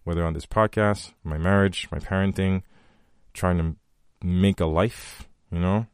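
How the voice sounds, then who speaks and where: Deep-voiced earnest male podcast host. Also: steady tone, measured pace, darkish tone, clear, resonant tone, dry recording, studio quality. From from a country with long power outages. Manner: earnest, heartfelt, repeats key phrases. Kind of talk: motivational podcast talk.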